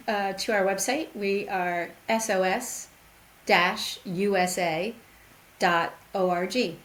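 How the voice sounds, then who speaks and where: A woman's voice: mid-range voice, low-quality recording. Encouraging woman speaking as a guest. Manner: warm, encouraging, with fillers. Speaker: nonprofit CEO guest. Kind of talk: interview conversation.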